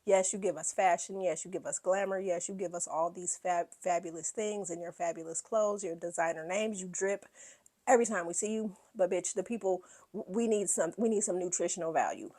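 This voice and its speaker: A woman's voice: fairly low pitch, darkish tone. A woman hosting a reality TV recap, talking bluntly and with plenty of profanity. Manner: acts out quoted lines in put-on voices. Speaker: podcast host.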